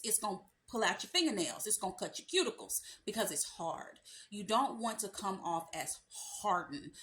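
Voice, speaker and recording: A woman's voice: medium pitch, fairly bright tone. Sassy woman dating coach talking to camera. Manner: sassy, emphatic, colloquial, addresses viewer as sis. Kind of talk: direct-to-camera advice talk.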